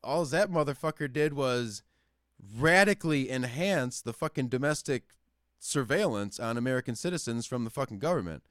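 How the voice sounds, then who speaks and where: A man in his thirties rants freely as host of a call-in show, swearing through nearly every sentence. His voice sits at an ordinary middle pitch, close and dry with no room sound behind it. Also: normal speed, dry recording. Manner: profane, ranting, animated. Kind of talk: casual rant. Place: lives in the Upper Midwest.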